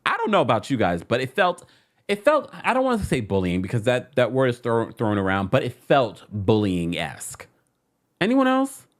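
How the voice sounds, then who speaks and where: Male recap host, chatty and emphatic, pitch jumps all over, mid-range voice. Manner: animated, chatty, repeats phrases for emphasis. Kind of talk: casual recap commentary.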